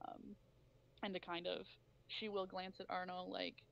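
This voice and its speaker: A woman narrating her character at a tabletop game in a chatty way, with quick asides. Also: fairly low pitch, flat delivery, creaky, lo-fi sound, slight background noise. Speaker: tabletop player.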